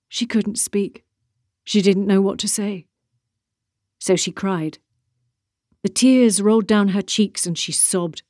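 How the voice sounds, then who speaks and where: A woman narrating a novel in a measured, steady way. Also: mid-range voice, no room sound, studio quality. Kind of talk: audiobook narration.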